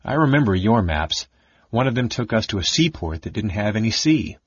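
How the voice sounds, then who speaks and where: A man's voice: lowish voice, very animated, moderate pace, breathy edge, no echo. A man voicing a big, weak-willed warrior who speaks in a mournful, sulky way. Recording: muffled lo-fi recording.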